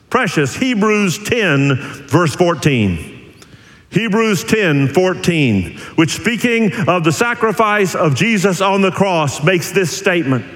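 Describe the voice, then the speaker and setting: A man pastor preaching an expository sermon, emphatic, with dramatic pauses. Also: on the high side, fairly bright tone, in a large hall, poor audio.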